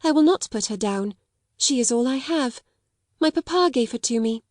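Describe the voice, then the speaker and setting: A woman reads as a proud little girl, quiet, steady and restrained, pitching a bit above her own voice yet staying near everyday speech. She's slightly high at a moderate pace, in a dry, studio-quality recording.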